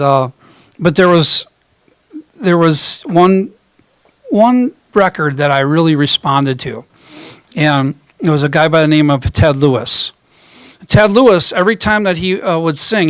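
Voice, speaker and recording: A man's voice: on the high side, fairly bright tone, clear, resonant tone, no echo. Chatty man telling stage stories. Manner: chatty, rambling, self-mocking, many fillers. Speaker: ukulele performer telling a story on stage. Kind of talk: storytelling stage banter. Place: coffee house concert stage.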